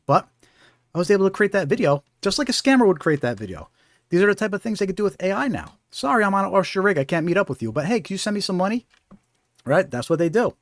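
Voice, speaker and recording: A man's voice: on the high side, dry recording, studio quality. Chatty man hosting a scam talk. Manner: conversational, keeps asking "right?". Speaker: host. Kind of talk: live-stream scam awareness talk.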